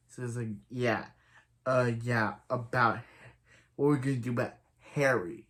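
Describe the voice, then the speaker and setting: A man's voice: mid-range voice, steady tone, moderate pace, fairly bright tone. Rambling man recapping a TV episode. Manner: rambling, retells scenes with constant "he's like" and filler "so, yeah"; quotes characters in his own plain voice. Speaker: TV show reviewer.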